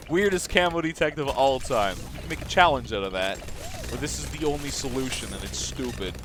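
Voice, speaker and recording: A young Canadian man streams a game from home, rambling and chatting casually with his viewers as he laughs often, with game music playing behind him. His mid-range voice has lively intonation and a moderate pace, and the background is noisy.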